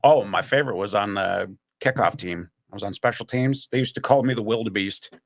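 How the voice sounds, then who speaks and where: A man with a lowish voice talks fairly quickly in a casual podcast chat, either as guest or host, recalling long stories. He's an animated storyteller who acts out other people's voices along the way.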